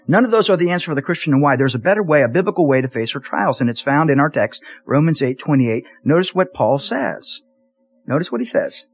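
A man with a fairly high, husky voice speaks a little quickly over soft background music. He's a pastor preaching in a church sanctuary, animatedly telling jokey stories and restarting often.

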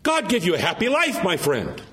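A man's voice: high voice, huge pitch swings, normal speed, sharp tone, voice pushed up, full character voice. Amazed medieval mystic man read by a preacher, questioning tone. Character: wondering medieval male mystic, astonished.

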